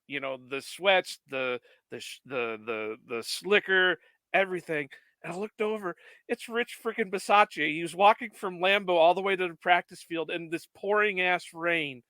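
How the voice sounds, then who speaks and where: A man's voice: sits high, bright, forceful tone, no echo. A man co-hosting a podcast, chatty and laughing often as he tells stories in casual conversation. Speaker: podcast co-host.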